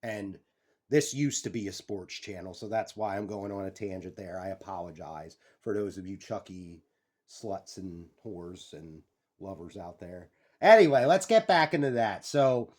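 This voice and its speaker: A young man hosting a casual vlog, rambling and excitable, swearing freely and jumping off on tangents. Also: mid-range voice. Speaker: YouTube channel host.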